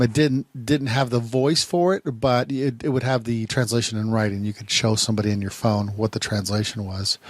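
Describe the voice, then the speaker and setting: A man's mid-range voice, recorded dry, rambles through a casual talking-head app review. He's a private investigator who keeps repeating words and starting sentences over.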